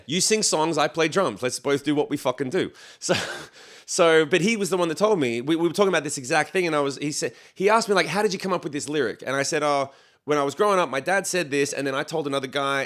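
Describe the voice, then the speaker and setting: A man, a singer-songwriter, chatting casually on a podcast, telling animated stories, acting out what others said and swearing freely. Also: on the high side. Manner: animated storyteller who acts out quotes, swears freely.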